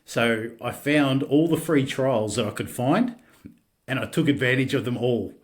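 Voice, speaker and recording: A middle-aged man with an Australian accent, a podcast guest telling his own story candidly, halting and restarting often and swearing casually. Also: medium pitch.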